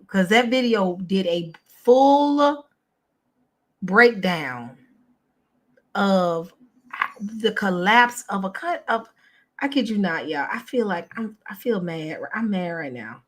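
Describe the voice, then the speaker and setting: A woman's voice: mid-range voice, big pitch swings, a little slow. A woman, hosting a casual chat for her viewers, exasperated and chatty, calling them y'all. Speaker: channel host.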